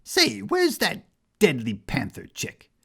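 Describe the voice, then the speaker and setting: A man's voice: huge pitch swings, slow pace, sharp tone, husky, exaggerated voice. A man putting on a giddy mad clown villain. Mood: bored, giddy. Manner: giddy, jumpy, high-pitched delivery. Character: manic bored male supervillain clown.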